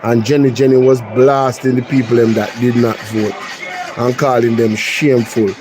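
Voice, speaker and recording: A man's voice: mid-range voice, level tone, moderate pace, noisy background. Sex: man. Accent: Jamaican. Role: host. Style: reaction commentary, blunt and incredulous. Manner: incredulous, blunt, mixes patois and English.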